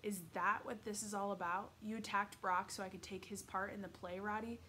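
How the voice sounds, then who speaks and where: A woman's voice: mid-range voice, steady tone, fairly quick, sharp tone, slight background noise, lightly acted. Woman voicing a blunt, exasperated schoolboy. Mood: angry. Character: indignant middle-school boy, blunt. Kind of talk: read-aloud storybook voice.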